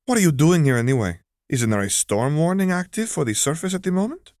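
A man's voice: medium pitch, lively intonation, a little fast, dry recording, clean studio sound, voice pushed up, lightly acted. A man voicing a chipper young alien woman. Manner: cheerful, greeting brightly.

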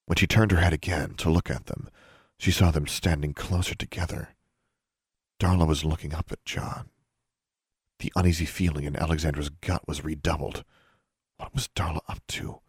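A man narrating a fantasy audiobook in a measured, suspenseful storytelling manner. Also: rumbling low, steady tone, slightly rough, no room sound, clean studio sound.

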